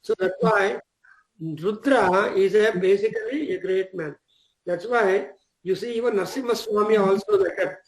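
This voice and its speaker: An older man giving a classroom lecture on Vedic verses, explaining in short, measured phrases and now and then chanting Sanskrit lines. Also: sits high. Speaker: Vedic teacher. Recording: echoey classroom recording.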